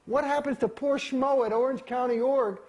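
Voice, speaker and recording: A man giving a candid interview in a heated, profane, rambling way, swearing often, in a gravelly, husky voice. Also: steady tone, moderate pace. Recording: quiet, low-volume recording.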